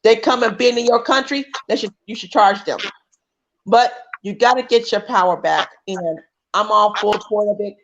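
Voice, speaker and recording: A woman's voice: medium pitch, normal speed, dull audio, a little hiss or hum. Emphatic woman on a call. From United States. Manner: emphatic, restarting often. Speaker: livestream guest. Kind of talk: casual chat.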